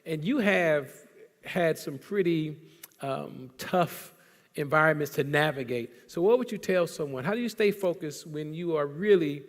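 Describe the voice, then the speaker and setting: A man's voice: a little high, a little slow. A pastor hosting a talk, reading audience questions to his guest in an encouraging way. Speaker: pastor and host. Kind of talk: hosting an interview. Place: church event hall. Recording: long hall reverb.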